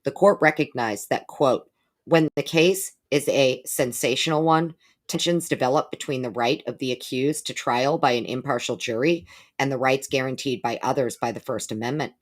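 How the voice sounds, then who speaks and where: A woman's voice: a bass voice, normal speed. A woman hosting a live stream, reading court documents aloud and breaking off now and then for wry casual remarks. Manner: reads legal text steadily, breaking off for wry remarks.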